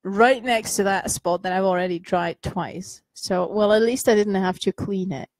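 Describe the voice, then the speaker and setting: A woman's voice: mid-range voice, normal speed, no room sound. A mother co-hosting a casual podcast, telling household stories and laughing between lines. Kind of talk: casual chat, anecdote telling.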